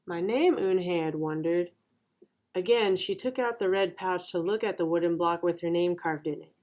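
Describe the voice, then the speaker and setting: A storytime host reading a children's picture book aloud. The narration is clear and gentle, in a mid-pitched voice. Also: steady tone, moderate pace. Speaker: storytime reader.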